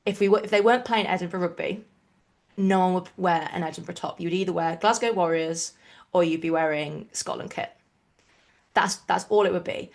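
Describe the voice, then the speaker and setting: An English woman from the East Midlands with a mostly neutral, slightly mixed accent, co-hosting a rugby podcast in an opinionated, animated chat. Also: fairly low pitch, gravelly. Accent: neutral English with a mixed regional touch. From England, East Midlands. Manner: opinionated, animated, quick asides. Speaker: podcast co-host. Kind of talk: casual chat.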